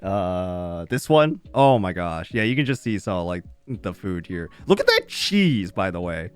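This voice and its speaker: Young man, streamer, casual storytelling, swears a lot, laughs often, very lively pitch, faint music behind. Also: unhurried, smooth, dry recording. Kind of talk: casual storytelling to a live chat.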